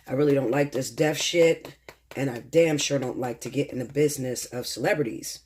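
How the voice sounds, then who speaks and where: A man's voice: mid-range voice, fairly quick, darkish tone, slightly rough. A man working as a tarot reader, talking casually to his viewers at home late at night, nervous and rambling, stammering and swearing freely in slang. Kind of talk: casual direct-to-camera talk.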